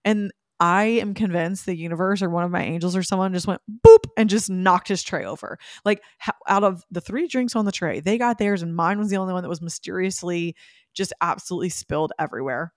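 A woman's voice: on the low side, fairly quick, dry recording, studio quality. A young woman hosting a podcast, telling a casual story in a chatty way and laughing often. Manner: chatty, laughs often, spiritual wellness talk. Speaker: podcast host.

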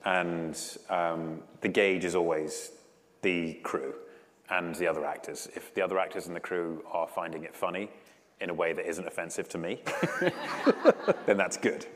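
A man in his thirties, an actor, chatting in a relaxed, self-deprecating way in an interview and laughing often. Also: low-pitched, normal speed. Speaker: actor guest. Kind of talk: casual promotional interview. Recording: roomy reverb.

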